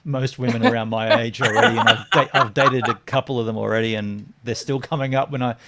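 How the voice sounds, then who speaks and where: A man's voice: mid-range voice, steady tone, brisk, very noisy. A man co-hosting a casual video-call chat, laid-back and a little sheepish. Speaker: podcast co-host.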